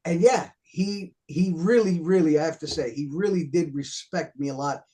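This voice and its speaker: A man's voice: on the high side, moderate pace, dark tone. A man in his fifties with a New York accent, telling stories as an interview guest, rambling with many fillers and repeated words. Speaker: author guest. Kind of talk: casual storytelling interview.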